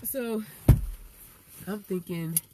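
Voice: mid-range voice, very slow, background noise. A vlogger with a stuffy nose from allergies, talking outdoors in a rambling, musing, philosophical way. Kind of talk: casual vlog monologue. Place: outdoors near flowers and a car.

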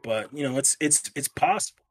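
A man's voice: mid-range voice, expressive, brisk, slightly rough. A man co-hosting a casual sports podcast, talking loosely and peppering his lines with "bro" and "man". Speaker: podcast co-host.

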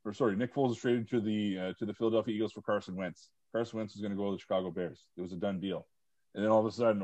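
A man's voice: on the low side, steady tone, racing, warm tone, dry recording, muffled recording. A man hosting a casual podcast, chatting about movies and sports and rambling with many fillers. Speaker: podcast host.

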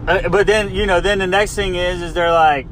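A man's voice: high voice, fairly even intonation, normal speed, fairly bright tone, a little hiss or hum. A man hosting his own podcast, talking in a casual, comedic rant full of "like" and restarts while riding in a car. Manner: rambling, exasperated, repeats "like". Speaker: podcast host.

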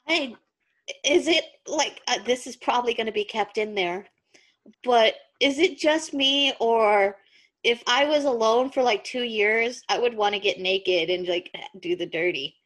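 A woman hosting a casual podcast chat and reading fan fiction aloud, animated and quick to laugh. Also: fairly high pitch. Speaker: podcast host and reader.

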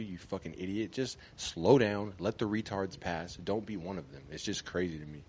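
A man's voice: low-pitched, a little hiss or hum. A man co-hosting a podcast, chatting casually and telling profane stories, acting out the people in them. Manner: profane, animated storyteller who acts out quotes. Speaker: podcast co-host. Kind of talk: casual chat.

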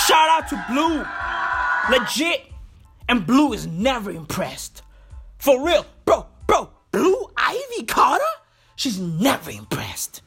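A woman ranting in a loud, hyped, comedic vlog, swearing often and repeating herself. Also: a little high, sing-song, unhurried, over loud music. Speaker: vlogger. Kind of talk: casual comedic rant.

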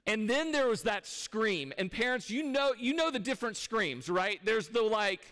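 A male pastor with a notably high voice delivers a sermon in an easy, conversational way, often turning to the congregation with questions. His words ring out with a long reverb from a large church hall. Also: animated, normal speed, pushed and bright. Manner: conversational, with rhetorical questions to the audience. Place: church sanctuary.

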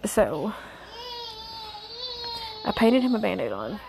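A woman chatting casually to the camera at home, rambling from one thing to the next and sometimes dropping into a hushed whisper. Her voice sits in a middle register for a woman. The home recording carries clear background noise. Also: mid-range voice, sing-song, takes it slowly. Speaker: mother of young children. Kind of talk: casual home vlog chat.

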